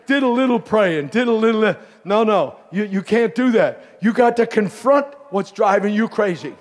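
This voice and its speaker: A bishop preaching a fiery Pentecostal sermon at a live camp meeting, swinging from hushed folksy asides to shouted exhortation. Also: male voice, sits high, expressive, moderate pace. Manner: folksy, calls listeners pet names. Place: live service before a congregation.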